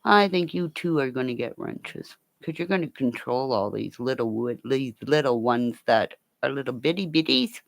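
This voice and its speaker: A woman's voice: very deep voice, animated, normal speed, creaky, few pauses, no room sound. An older woman signing off a livestream from home on her computer, rambling and joking crudely. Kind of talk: casual livestream sign-off chat. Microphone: computer mic.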